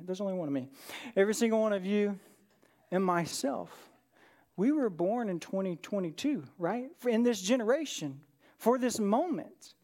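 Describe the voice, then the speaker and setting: Pastor guy preaching, chatty, keeps saying right?, goes from loud and quick to really quiet. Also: high-pitched. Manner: conversational, with frequent "right?" asides. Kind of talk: sermon.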